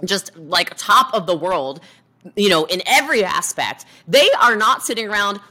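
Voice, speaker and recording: A guest entrepreneur in a motivational conversation, she speaks with energy and emphasis, acting out quoted voices. Her medium-pitched, sharp voice has lively intonation and a moderate pace.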